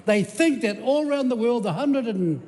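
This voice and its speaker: A man's voice: very high-pitched, expressive, moderate pace, darkish tone. A man giving a combative, sarcastic parliamentary debate speech as a government minister. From New Zealand. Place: large parliamentary debating chamber. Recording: echoey debating chamber.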